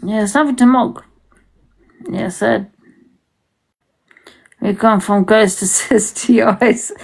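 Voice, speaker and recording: A woman's voice: medium pitch, slow, creaky, long pauses, darkish tone, poor audio. A woman hosting a casual livestream chat, rambling and swearing freely, with many restarts.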